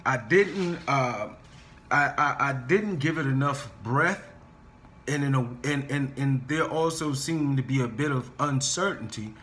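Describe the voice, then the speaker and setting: A male singing teacher with a bright, forceful voice walks his students through warm-up scales at an unhurried, deliberate pace. He is encouraging and talks directly to them, often saying "okay?" and "guys". He sometimes stammers and restarts his sentences as he explains. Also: medium pitch, a little hiss or hum. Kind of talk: vocal lesson with warm-up scales.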